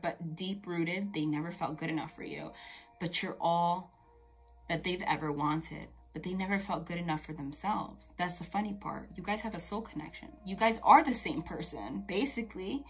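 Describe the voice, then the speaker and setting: A woman with a fairly low voice gives a casual tarot reading, chatty and emphatic. She talks straight to the listener and swears casually. Faint music plays behind her. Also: moderate pace, breathy edge. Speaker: tarot reader.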